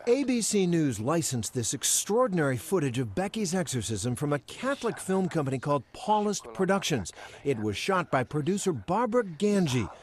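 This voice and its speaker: A man narrating a television news report in a measured, dramatic reporter's voice. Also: a little high, very animated. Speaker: news correspondent and interviewer.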